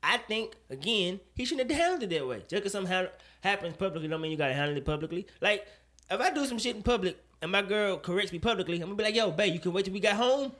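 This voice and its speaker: A man co-hosting a casual chat show, talking in an animated, profane way and pressing his point with rising emphasis. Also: high-pitched, fast talker. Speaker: podcast co-host.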